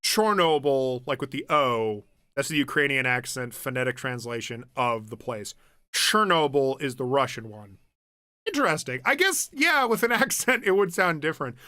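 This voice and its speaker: A man's voice: medium pitch, expressive, moderate pace, bright, forceful tone, no room sound. A young man streaming from home, chatting casually, rambling with restarts, swearing and laughing easily. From United States. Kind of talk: casual chat reading stream comments.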